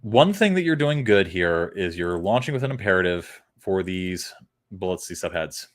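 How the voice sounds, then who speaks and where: A man's voice: low-pitched, sing-song, moderate pace. A man giving a casual, blunt critique of web copy, sarcastic and sometimes profane. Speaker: copywriting critic.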